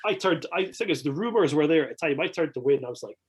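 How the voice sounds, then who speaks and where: A Scottish man, a podcast guest, telling an anecdote in casual chat, excitable, swearing a lot and restarting his sentences. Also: on the high side, fast, slightly rough, rough recording.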